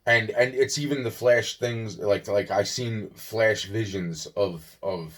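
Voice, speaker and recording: A man's voice: fairly low pitch, slow pace. A young man rambling on in a casual monologue, swearing often, yawning and tired. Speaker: vlogger.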